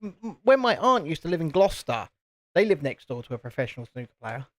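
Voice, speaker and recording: A man's voice: fairly high pitch, sing-song, fast talker, no echo. A man chatting casually and joking as co-host of a live stream. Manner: joking, rambling. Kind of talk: casual chat.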